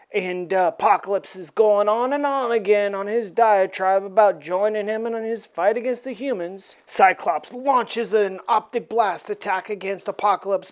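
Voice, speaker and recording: A woman casually recapping a comic book issue in a slangy, offhand way. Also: mid-range voice.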